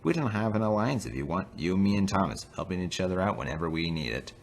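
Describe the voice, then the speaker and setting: A small, polite young engine with a raised, eager voice that leaps around in pitch, put on by a man. He's a gentle storybook character. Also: animated, fast, a little hiss or hum. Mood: friendly.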